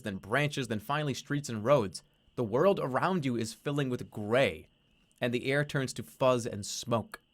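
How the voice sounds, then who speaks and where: A man with a mid-range voice reads the narration of a text adventure aloud on a stream. He reads dramatically, then drops into loose, jokey asides with casual swearing. He sounds close to a desk mic. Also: medium pitch. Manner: playful, swears casually, laughs at himself. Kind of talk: reading game text aloud with joking commentary.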